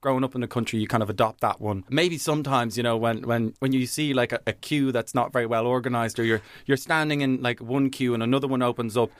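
A young man chats easily in an interview, breaking into laughs and quick acted-out quotes. His voice sits at a middling pitch, recorded dry and close. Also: fairly even intonation, no echo. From Ireland. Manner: chatty, laughs often, acts out quotes. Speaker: comedian guest. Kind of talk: casual interview chat.

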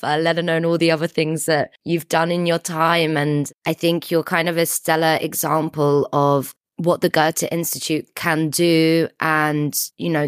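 Woman, interviewer, low pitch, smooth clear voice, complimentary, filler-heavy. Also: no echo, studio quality. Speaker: interviewer for the institute. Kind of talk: podcast interview.

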